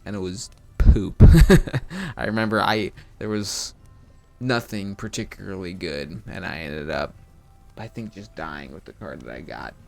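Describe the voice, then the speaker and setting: Streaming a card game, a man with a low, gravelly voice gives live commentary on his play and talks to his chat in an animated, self-mocking way.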